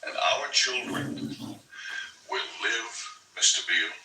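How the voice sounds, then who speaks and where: An actor playing a middle-aged corporate magnate who lectures with intense, preaching force, dropping to whispers and rising to booming lines. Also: male voice, slow pace, sharp tone, reverberant, far from the mic, low-quality recording. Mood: intense sermonizing. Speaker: actor in a film scene.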